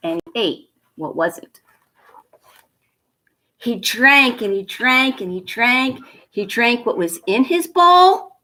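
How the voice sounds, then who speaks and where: A woman from a school reading a picture book aloud to children at home, gentle and expressive, a little nervous, chatting to the kids between pages. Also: on the high side. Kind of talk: storybook read-aloud for children.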